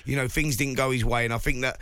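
A man with a bright, forceful voice walks through the fight, punching out short phrases as he describes it. The sound is dry and close to the mic. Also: mid-range voice, fairly even intonation, clear, resonant tone, no room sound. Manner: emphatic, breaks down the action in quick bursts. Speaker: boxing pundit, co-host. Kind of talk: casual sports chat.

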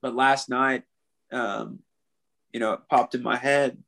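This young man's voice is medium in pitch and fairly bright, with fairly even intonation and a slightly slow pace. As a guest on a podcast, he speaks frankly and with feeling about a painful subject, frequently addressing people as "man."

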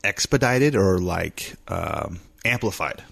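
Man co-host, lowish voice, quick contrary interjections, dry sound. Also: big pitch swings, creaky, fairly bright tone, no echo. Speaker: podcast co-host. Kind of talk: casual chat.

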